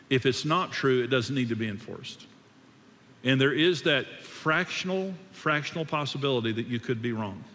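A man's voice: mid-range voice, fairly bright tone, in a large hall. A man preaching a sermon in an emphatic, repetitive way, often restarting his sentences. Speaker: pastor.

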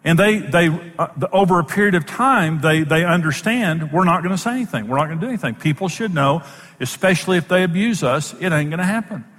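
A man's voice: on the high side, animated, a little fast, fairly bright tone, in a large hall. A man who is a Bible teacher and program host, giving an emphatic, plain-spoken sermon-style teaching in numbered points.

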